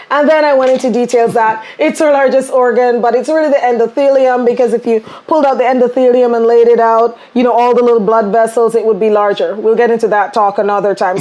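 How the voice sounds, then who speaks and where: A woman hosting a podcast, enthusiastic and animated as she tells stories and explains. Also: a little high. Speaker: podcast host. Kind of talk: casual podcast conversation.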